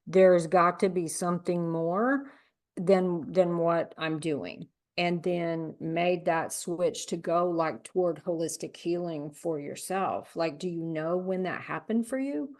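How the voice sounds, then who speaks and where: A woman's voice: on the low side, takes it slowly, darkish tone. A woman podcast host asking long, reflective questions in a conversational way. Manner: reflective, rambling questions with many fillers. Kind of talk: conversational interview.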